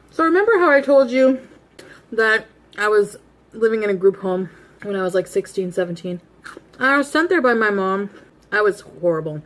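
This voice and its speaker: A woman vlogger in her thirties eats while bluntly spinning a rambling story about herself, laughing at her own expense. Her mid-range voice swings widely in pitch, at normal speed with long pauses.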